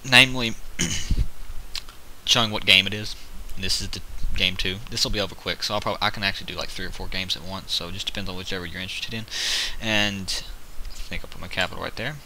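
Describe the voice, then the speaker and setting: A gameplay video host with a low, steady, sharp-toned voice talks a little fast while playing a strategy game. It's casual let's-play commentary in which he rambles and counts units aloud, on poor audio with faint hiss behind.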